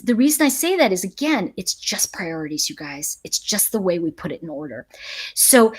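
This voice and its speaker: A woman's voice: medium pitch, husky. A middle-aged woman hosting a casual live stream, chatting with viewers in an emphatic way and laughing often. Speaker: livestream host.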